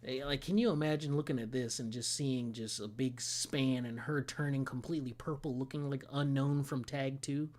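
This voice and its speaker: Slangy, excitable young-sounding man. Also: mid-range voice, moderate pace, few pauses. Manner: slangy, excitable, laughs often. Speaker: gaming streamer reacting to a trailer. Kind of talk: casual reaction commentary.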